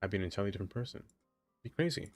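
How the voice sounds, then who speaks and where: A man's voice: fairly low pitch, expressive, racing, soft background music. A man streaming a game, chatting casually, laughing often and talking to the objects he builds. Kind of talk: casual live-stream chat.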